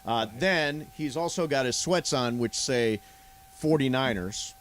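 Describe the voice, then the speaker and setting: A man's voice: mid-range voice, a little slow. A man hosting a radio talk show, chatting and joking with guests. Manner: animated, joking. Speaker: radio host. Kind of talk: casual on-air chat.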